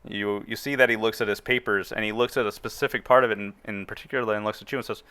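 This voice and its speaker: A man's voice: fairly low pitch, steady tone, quick pace, hardly any pauses, sharp tone, clear, resonant tone. A man narrating as game master of a tabletop game, rambling and joking.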